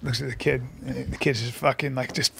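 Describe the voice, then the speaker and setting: A man hosting a podcast, telling stories in casual comedic chat and often dropping to a hushed delivery. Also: mid-range voice, little pitch movement, brisk, gravelly, slight background noise. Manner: storytelling, slips into quiet hushed delivery. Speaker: podcast host.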